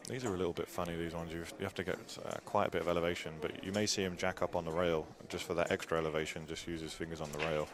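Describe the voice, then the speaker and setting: A man with a very low voice calls a pool match live, chatty and drily joking, often letting his sentences trail off. A crowd murmurs steadily in the hall behind him. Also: little pitch movement, very fast, hardly any pauses. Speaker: pool commentator. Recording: live venue with crowd noise.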